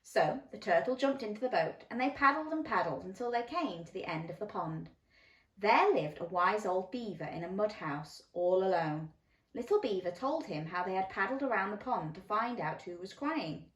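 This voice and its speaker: A woman reading a bedtime story to children, animated and coaxing, asking them questions. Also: medium pitch, normal speed. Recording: roomy echo, mic at a distance.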